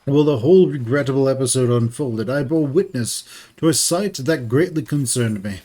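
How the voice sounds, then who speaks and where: A man voicing a formal, worried gentleman in a game reading, speaking in stiff, archaic, courteous phrasing. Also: mid-range voice, moderate pace, close to an everyday voice. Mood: concerned.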